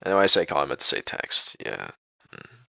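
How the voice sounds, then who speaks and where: A man's voice: rumbling low, very animated, moderate pace, vocal fry, sharp tone, no room sound, muffled recording. A young man telling a personal story in a casual vlog, rambling and profane, full of "bro" and "like". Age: young adult. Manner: agitated, indignant retelling.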